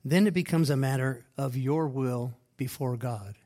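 A man preaching a sermon, reading scripture aloud and explaining it with emphatic repeated phrases, loud stresses and quiet asides. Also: mid-range voice, unhurried. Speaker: pastor.

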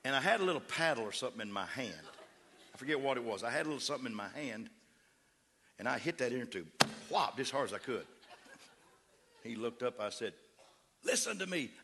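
A man, a pastor, telling a story in a sermon with an animated, humorous delivery. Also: medium pitch, fast talker, long pauses, a little hiss or hum.

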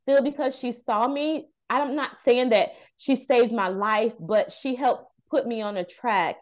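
The speaker is a woman in her thirties, a youth center founder and therapist, telling a heartfelt personal story in an interview. Her voice is a little high and unhurried, the sound lo-fi, and she narrates earnestly and animatedly, voicing the quoted dialogue.

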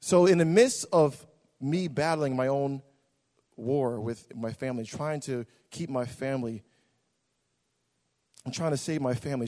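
A man preaching a testimony with passion and repetition, dropping to a hush and rising to a shout. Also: mid-range voice. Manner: impassioned, repetitive, swings from hushed to shouting. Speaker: pastor. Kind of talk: sermon testimony. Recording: long reverb of a large hall.

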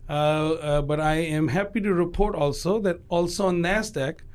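Middle-aged male CEO guest, studio interview, pitch on the higher side, careful and halting. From Pakistan. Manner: measured, halting speech with many "uh" fillers. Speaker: pharmaceutical company CEO guest.

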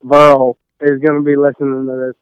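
A man's voice: medium pitch, completely flat delivery, moderate pace, clean tone, no room sound, dull audio. A young man from Texas, a college golfer rambling casually through an interview with lots of fillers. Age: young adult. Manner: rambling, many fillers and restarts.

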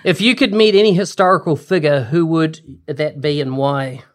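A podcast host in casual chat, enthusiastic and upbeat, firing off questions and quick affirmations. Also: mid-range voice.

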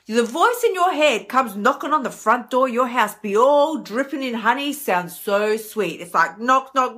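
An Australian woman, an emotional eating coach, talking energetically and casually on a live stream. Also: mid-range voice. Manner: energetic, chatty, animated.

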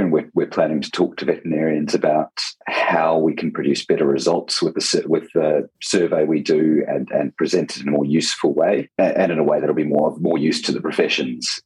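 A man with a croaky, hoarse voice answering interview questions hesitantly, repeating words as he goes. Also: rumbling low, a little mellow, low-quality recording. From New Zealand. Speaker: veterinary council lawyer guest.

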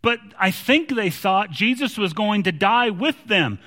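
A man with a high-pitched voice delivers an emphatic sermon, often doubling back on his words. His voice rings out with the long reverb of a large hall. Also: expressive, unhurried, few pauses, pushed and bright. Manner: emphatic, repeats words when restarting. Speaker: preacher.

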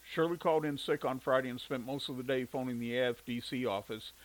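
A man reading a story aloud in steady audiobook narration. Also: medium pitch, quick pace, low-quality recording.

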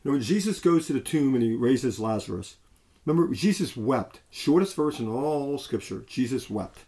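A man's voice: medium pitch, animated, normal speed, mellow. A man preaching a sermon in a conversational way, with frequent restarts and fillers.

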